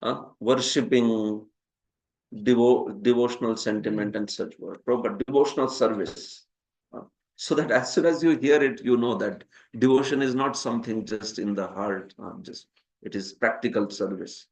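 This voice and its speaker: A man's voice: medium pitch, moderate pace. A man with an Indian accent, a Hindi speaker, teaching a scripture class, often asking his students "huh?" and laughing at his own jokes. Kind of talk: classroom lecture with questions.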